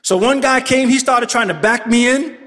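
A man with a Bronx accent telling a comic story live on stage, animated and shouting for effect. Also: extremely high pitch, normal speed. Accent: New York, Bronx. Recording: live stage with long hall reverb.

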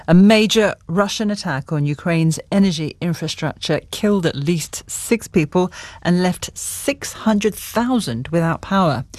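A news presenter reading headlines and introductions in a crisp, formal way. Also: mid-range voice, a little mellow, no echo. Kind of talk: news anchoring.

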